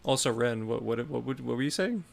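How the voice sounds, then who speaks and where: A man's voice: mid-range voice, animated, brisk, creaky, background noise. A man playing in a tabletop game, joking and laughing with friends in casual chat. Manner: joking, laughing, bursts into shouted lines. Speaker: player.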